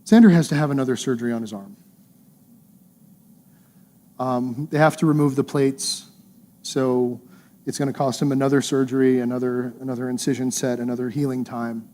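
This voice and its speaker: A man's voice: medium pitch, fairly even intonation, moderate pace, long pauses, dark tone. A male pastor preaching a sermon in an earnest, conversational way, using emphatic repetition.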